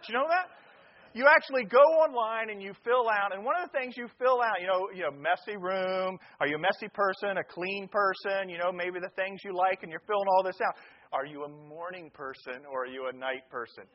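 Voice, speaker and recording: A middle-aged pastor from the American Midwest gives a joking, folksy sermon to a live congregation in a church sanctuary. His voice is high and a little fast, and the audio is dull.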